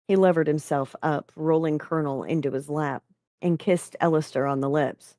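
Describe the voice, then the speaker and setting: A woman reading a story aloud in a measured, unhurried way. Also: sits low, animated, mellow, no room sound, studio quality. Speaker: story reader.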